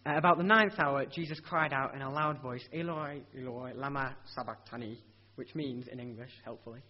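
Brisk and mid-range, a man's voice delivers an earnest sermon in conversational fashion. He asks rhetorical questions and keeps restarting sentences, all captured in dull lo-fi sound.

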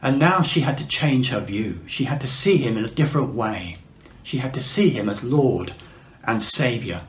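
Man, mid-pitched preacher, unhurried sermon delivery, reverberant hall sound. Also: animated, a little hiss or hum. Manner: measured, slows for emphasis, frequent fillers. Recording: echoey room.

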